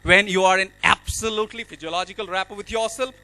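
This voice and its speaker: Emphatic high-voiced man. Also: fairly even intonation, fast talker, pushed and bright, rough recording. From India. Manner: emphatic, repeats key phrases. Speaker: speaker at an awards event. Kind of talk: motivational speech.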